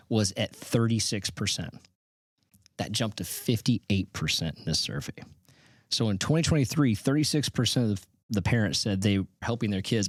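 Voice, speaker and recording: A man's voice: lowish voice, dry recording, clean studio sound. A middle-aged man hosting a podcast, giving casual, emphatic commentary on survey numbers with frequent restarts. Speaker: podcast host. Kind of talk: solo commentary on survey results.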